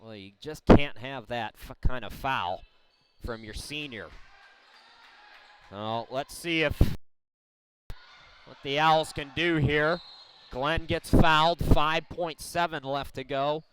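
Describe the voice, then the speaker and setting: A man calling a college women's basketball game play by play, explaining the situation in a measured way between plays. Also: a little high, fairly bright tone. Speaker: play-by-play announcer. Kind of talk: sports commentary. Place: college gym broadcast.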